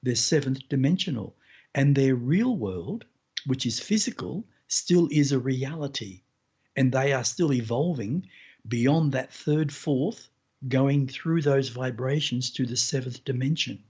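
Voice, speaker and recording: A man hosting a podcast, telling a first-person story in an unhurried, earnest way. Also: medium pitch, lively intonation, darkish tone, slightly rough, dull audio. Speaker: podcast host.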